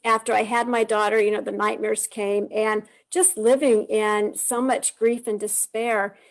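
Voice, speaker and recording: A woman's voice: medium pitch, little pitch movement, a little slow. A woman in her forties giving an earnest, heartfelt personal testimony on a video call, telling her story with frequent restarts. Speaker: guest sharing her testimony. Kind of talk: emotional personal testimony on a live stream.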